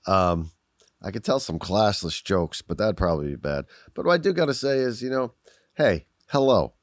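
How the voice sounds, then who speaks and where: A man's voice: lowish voice, sing-song, moderate pace, dry recording, studio quality. A man co-hosting a casual podcast, joking and bantering in a self-deprecating way. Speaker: podcast co-host. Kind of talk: casual chat.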